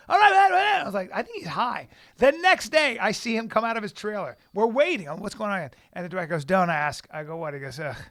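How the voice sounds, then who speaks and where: A man's voice: high-pitched, fairly bright tone, no echo. A man co-hosting a podcast in a studio, telling stories animatedly and swearing freely. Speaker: podcast co-host. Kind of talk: casual chat.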